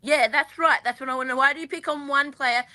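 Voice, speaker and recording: A woman co-hosting a sports fan podcast, chatty and animated, rambling with lots of fillers. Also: high-pitched, fast. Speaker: podcast co-host. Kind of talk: casual fan panel chat.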